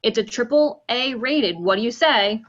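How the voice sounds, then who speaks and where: A woman's voice: a little high, moderate pace, muffled recording, close to an everyday voice. A woman reading the part of a smug banker who sells bonds, speaking in a breezy, dismissive way over a video call. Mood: pitching.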